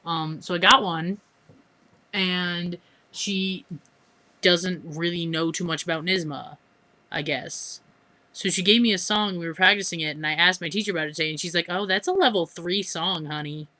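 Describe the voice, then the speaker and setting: A woman's voice: fairly low pitch, fairly even intonation, moderate pace, sharp tone, dry recording. A teenage girl with an American accent, rambling chattily through a casual vlog with plenty of fillers and restarts. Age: teens. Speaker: vlogger.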